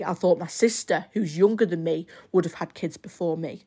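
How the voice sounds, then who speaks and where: Chatty young woman, slightly low voice. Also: normal speed, dark tone, husky. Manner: chatty, rambling, lots of "like" fillers. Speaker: podcast host. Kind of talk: personal storytelling podcast.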